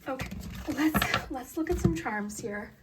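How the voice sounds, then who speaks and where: A woman's voice: high voice, animated, measured pace, heavy background noise. Giggly, flustered woman reading tarot. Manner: giggly, flustered, with many fillers and restarts. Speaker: tarot reader. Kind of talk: casual tarot reading to camera.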